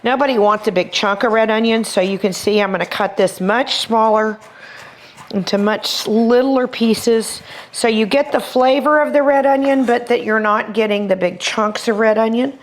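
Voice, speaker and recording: A woman's voice: on the high side, moderate pace. A middle-aged woman with a Texas accent hosts a cooking demonstration. She talks in a chatty, enthusiastic, homey way, explaining each step as she prepares food. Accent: Texan. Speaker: cooking show host.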